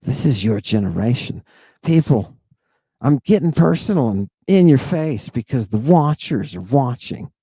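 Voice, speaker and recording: A middle-aged man giving a provocative lecture, confrontational and insulting, swinging between loud jabs and low mutters. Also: expressive, measured pace, husky, dry recording.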